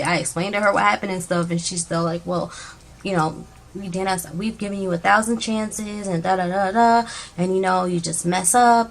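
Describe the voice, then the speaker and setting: A woman's voice: fairly low pitch, vocal fry, slight background noise. A woman telling a personal story in a casual storytime vlog, acting out the dialogue as she goes. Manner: animated retelling with quoted dialogue.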